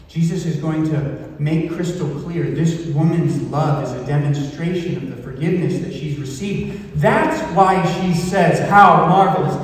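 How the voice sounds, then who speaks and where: A man's voice: on the high side, mellow. A male pastor delivering an earnest, emphatic sermon in a church hall. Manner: earnest, emphatic teaching with pauses. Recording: echoey hall from far off.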